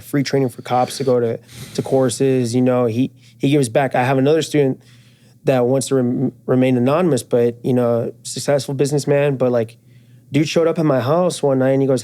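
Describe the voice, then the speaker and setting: A man chatting in an interview at a trade show, full of slang, fillers and the odd swear. His voice is mellow and mid-pitched. He jumps up in pitch when he quotes friends, then drops back to an easy, rambling flow. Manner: animated, acts out quoted friends in raised voice. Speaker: guest, firearms and jiu-jitsu instructor. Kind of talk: casual interview storytelling.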